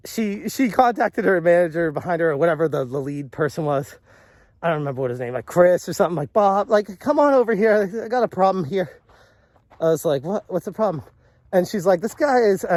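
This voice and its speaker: A man's voice: high-pitched, animated, normal speed, dry recording. A man telling a story as a vlogger, exasperated and rambling, often restarting his sentences. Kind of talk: storytelling commentary.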